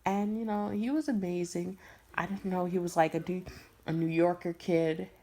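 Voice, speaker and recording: Rambling New woman, slightly low. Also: fairly even intonation, moderate pace, mellow. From Brooklyn, New York. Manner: rambling, repeats herself, frequent laughs and slang. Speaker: voice impression creator. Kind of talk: casual storytelling.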